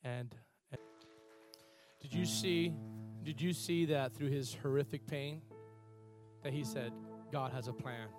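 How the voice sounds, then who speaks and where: A man preaching a sermon as pastor, building from quiet, halting passages to loud, impassioned peaks. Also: medium pitch, fairly even intonation, over music.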